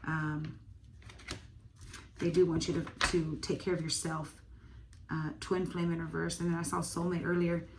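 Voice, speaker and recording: A woman's voice: lowish voice, completely flat delivery, a little slow, long pauses, background noise. A woman giving a casual tarot reading, thinking aloud with lots of fillers and the odd swear word. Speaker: tarot reader.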